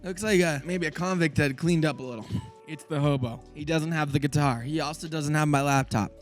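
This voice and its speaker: A man who owns a small business, telling a story in a casual, animated way. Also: on the high side, faint music behind. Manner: animated, fast-talking.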